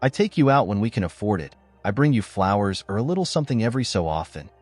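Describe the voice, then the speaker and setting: A man telling a first-person story in a low voice that swings lively in pitch. He delivers the husband's lines bluntly, with an angry, sarcastic edge. Faint music plays underneath. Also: fast talker, no room sound. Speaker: narrator.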